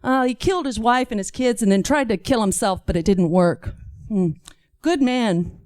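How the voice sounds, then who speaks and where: A woman's voice: on the high side, moderate pace, darkish tone, no room sound, clean studio sound, close to an everyday voice. Woman doing her blunt unbothered convict dad. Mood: offhand. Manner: offhand and matter-of-fact. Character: blunt, unbothered older male inmate father.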